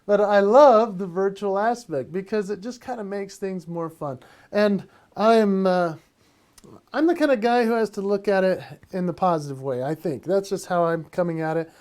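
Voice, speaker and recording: A man's voice: high-pitched, normal speed, a little mellow. A man doing a playful, self-mocking comic monologue from his home office and laughing at his own jokes. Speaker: comedian and entertainer.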